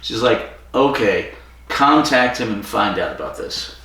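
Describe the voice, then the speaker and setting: Low-voiced man recapping in an echoey room. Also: expressive, measured pace, sharp tone, distant mic. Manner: rambling retelling with fillers and quoted dialogue. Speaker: podcast co-host. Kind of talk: casual chat.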